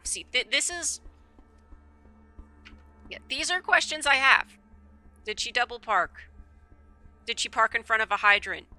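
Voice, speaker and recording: A woman's voice: medium pitch, sharp tone. A woman streamer reading a visual novel aloud, breaking off into rambling asides full of stammered repeats.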